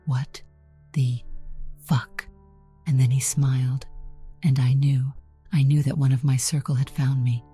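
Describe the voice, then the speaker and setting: Low, dark-voiced woman narrating a story. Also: flat delivery, normal speed, husky, faint music behind. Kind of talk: first-person scripted story narration.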